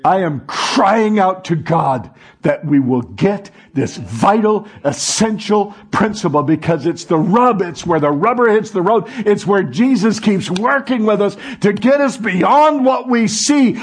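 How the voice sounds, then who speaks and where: A man's voice: sits high, animated, measured pace, slightly rough. A man preaching a sermon to a congregation, asking the room call-and-response questions. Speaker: pastor.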